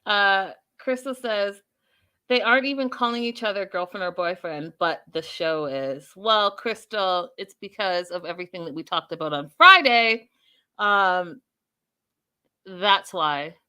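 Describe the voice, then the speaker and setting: A woman's voice: mid-range voice, animated, unhurried, sharp tone, clear, resonant tone. A woman hosting a casual live recap show and talking straight to her viewers and their chat comments. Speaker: host.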